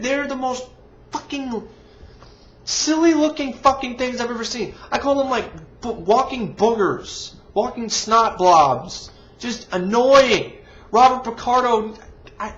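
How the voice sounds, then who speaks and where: A man's voice: very high voice, a bit bright. A man reviewing a movie in an exasperated, profane rant full of sarcasm. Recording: dull lo-fi recording.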